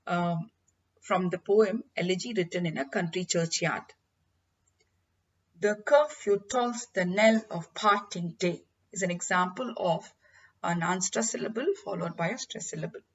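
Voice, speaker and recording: A woman's voice: medium pitch, a bit bright, slightly rough. A woman lecturing on literature to students, explaining terms patiently and addressing her listeners directly. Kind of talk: classroom lecture. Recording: dull lo-fi recording.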